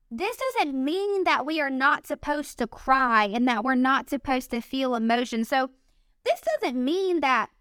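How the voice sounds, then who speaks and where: A woman's voice: high-pitched, sharp tone, no echo, studio quality. A woman giving an earnest, upbeat devotional talk, speaking chattily and addressing listeners as guys.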